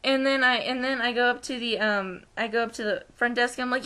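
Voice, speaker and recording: A young American woman from the United States is vlogging, casually telling a story and acting out the voices of the people in it. Her voice is fairly high and clean, and she speaks fast with hardly any pauses, staying animated throughout.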